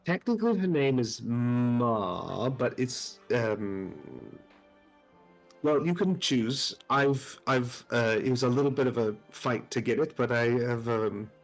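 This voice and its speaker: A man playing his character in a tabletop role-play, talking haltingly and laughing easily. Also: medium pitch, lively intonation, soft background music. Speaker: player.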